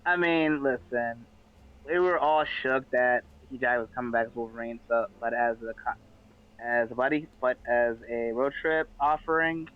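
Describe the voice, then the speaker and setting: A man's voice: medium pitch, fairly even intonation, moderate pace, clear, resonant tone, phone-quality sound. A man on a panel chatting casually, eager, with many stammered restarts.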